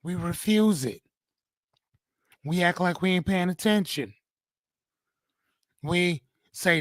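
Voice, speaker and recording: A man's voice: a little high, slow, long pauses, no echo. A man hosting a live-streamed motivational talk, speaking casually, swearing freely and often checking in with "right?". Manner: casual, profane, keeps asking "right?".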